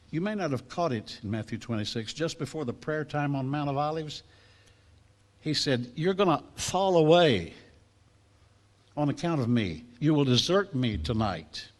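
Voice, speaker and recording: Guy preaching to a class, storyteller type, voice all over the place pitch-wise. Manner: lively storytelling preacher, acts out voices in quotes. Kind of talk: sermon to a class.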